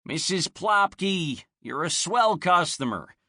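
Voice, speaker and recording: A man's voice: sits high, expressive, takes it slowly, dry recording, studio quality, pitched above the performer's own voice, full character voice. A man voicing an exasperated, harried male pet shop owner in a storybook reading. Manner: exasperated, shouting.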